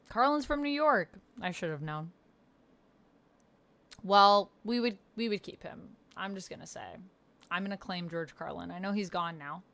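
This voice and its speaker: A bubbly woman chatting with her live-stream viewers from home. She rambles cheerfully, laughs easily and jumps up in pitch whenever something catches her off guard. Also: fairly bright tone. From Canada. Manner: bubbly and rambling, reads chat aloud, laughs often; pitch leaps up when surprised. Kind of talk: casual live-stream chat.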